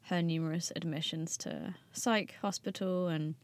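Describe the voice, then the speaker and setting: A woman's voice: lowish voice, fairly even intonation, normal speed, dry recording. Young woman, podcast guest, loose and self-mocking, trails off often. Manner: chatty, self-deprecating, laughs often, trails off with fillers. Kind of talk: casual chat.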